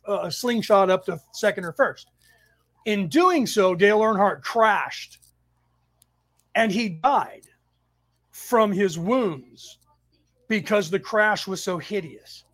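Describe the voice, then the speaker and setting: A man hosting a spiritual study class on a live stream, telling stories in a rambling way with sudden loud outbursts, talking into a home computer mic. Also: high voice. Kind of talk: casual live-stream storytelling. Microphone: home computer mic over weak Wi-Fi.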